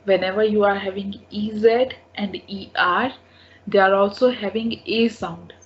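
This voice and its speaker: Slow, patient woman teaching French. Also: mid-range voice, fairly even intonation. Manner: patient, repeats each word several times. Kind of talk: slow language lesson. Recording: dull lo-fi recording.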